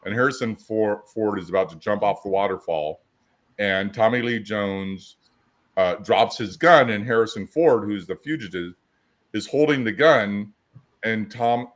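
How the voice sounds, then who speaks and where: A man co-hosting a coaching podcast, talking assertively in casual chat and acting out quotes in his stories. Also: fairly low pitch. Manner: assertive, storytelling with acted-out quotes.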